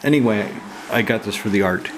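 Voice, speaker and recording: A man's voice: on the low side, brisk. A man casually thinking aloud as he opens his card mail at home, rambling and swearing now and then. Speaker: channel host opening card mail. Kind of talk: casual unboxing chat. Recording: noisy room with running water.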